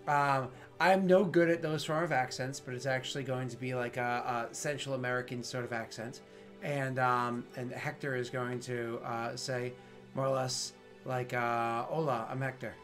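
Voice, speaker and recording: Laid back guy running a tabletop game, mid pitch, lots of ums, faint music. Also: moderate pace. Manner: relaxed, chatty, many fillers. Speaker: game master.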